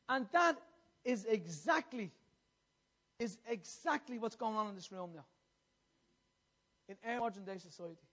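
A male preacher with a strikingly high voice delivers an impassioned sermon. He circles back over his phrases and asks his listeners questions as he presses his point.

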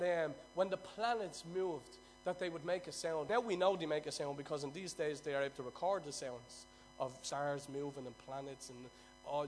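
A man with an Irish accent preaching in a high voice. He tells stories and swings between loud bursts and quiet asides. Soft music plays faintly behind him. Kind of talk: sermon.

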